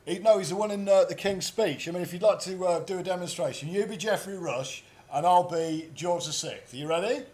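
A man, co-hosting a comedy podcast with mock-serious, deadpan banter. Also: sits high, brisk, few pauses.

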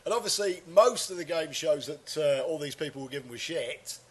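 A man's voice: on the high side, expressive, fairly quick, breathy edge. A man hosting a casual comedy podcast, rambling and crude, with lots of fillers.

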